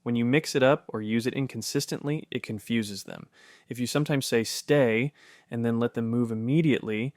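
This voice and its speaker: A man reading a scripted narration in a soft, steady, reassuring way. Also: mid-range voice, fairly quick, no echo, studio quality.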